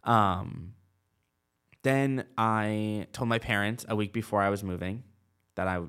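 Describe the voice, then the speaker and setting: A man's voice: lowish voice, fairly even intonation, takes it slowly, fairly bright tone, clean tone. A man in his twenties telling a long personal story in casual chat, full of "like" and quoted dialogue. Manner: chatty, lots of "like" and quoted dialogue. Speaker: guest.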